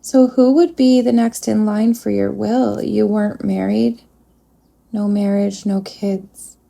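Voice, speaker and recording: A woman working as a psychic medium, talking softly in a spirit communication session and pausing to address an unseen presence. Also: medium pitch, level tone, gravelly.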